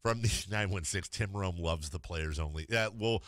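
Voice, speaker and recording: Bright-voiced male sports radio host. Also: low voice, dry recording, clean studio sound. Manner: joking, self-mocking, quick laughs. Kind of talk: casual studio banter. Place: radio studio. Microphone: studio microphone.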